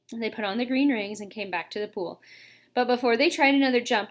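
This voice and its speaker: A woman reading a children's story aloud, narrating and voicing the dialogue in a lively way. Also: fast talker. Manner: lively, reads dialogue with raised pitch. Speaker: audiobook reader. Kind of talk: storybook narration with character voices.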